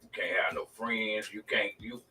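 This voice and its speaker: A man in his forties holds forth in blunt, slang-filled talk. His voice is bright and edged, picked up a little away from the mic. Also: lowish voice, normal speed, distant mic, a little hiss or hum, low-quality recording. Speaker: podcast co-host. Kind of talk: casual group chat.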